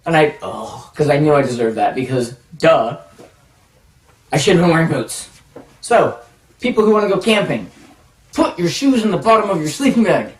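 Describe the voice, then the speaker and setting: A man telling a self-mocking personal story in a casual, animated way, acting out the dialogue. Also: on the high side, moderate pace, long pauses. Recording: roomy echo, distant mic.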